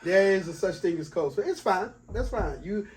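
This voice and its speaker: A man with a high, very lively voice, teasing his co-host on a casual podcast. He is playful and keeps dropping into mocking impressions. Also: moderate pace. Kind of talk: casual chat.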